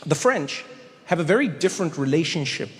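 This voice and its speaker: A man performing a stand-up comedy set, telling stories in an animated way with sudden exaggerated voices. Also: fairly high pitch, brisk. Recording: long hall reverb, faint noise.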